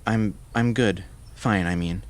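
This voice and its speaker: A man's voice: on the low side, takes it slowly. A man voicing an anxious young woman who answers hesitantly and evasively.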